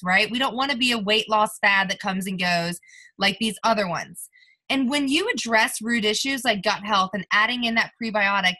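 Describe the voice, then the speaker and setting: A woman's voice: medium pitch, pushed and bright. A woman leading her sales team in a motivational call, talking directly and emphatically, with chatty "like" and "right?" tags.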